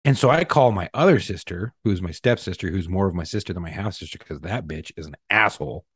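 Man, husky, blunt, profane storyteller, lowish voice. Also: animated, quick pace, dry recording, studio quality. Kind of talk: casual profane chat.

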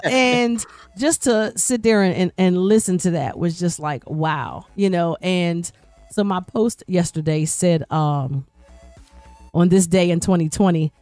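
In a dry recording, a woman with a low-sitting, dark voice tells a personal story while guest-hosting a podcast. A radio personality, she talks a lot, repeats words, starts over, and acts out voices she quotes.

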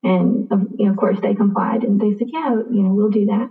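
A woman's voice: medium pitch, steady tone, fairly quick. Young woman on a tinny line. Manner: quiet, reflective recounting. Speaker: podcast guest. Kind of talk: personal storytelling.

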